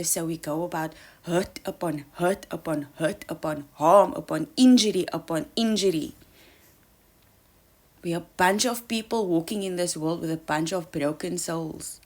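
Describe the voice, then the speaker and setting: A woman giving an earnest motivational talk, coaching listeners and calling them babes, sometimes dropping to a soft whisper for emphasis. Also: lowish voice, a little slow. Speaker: self-help speaker. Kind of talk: motivational monologue.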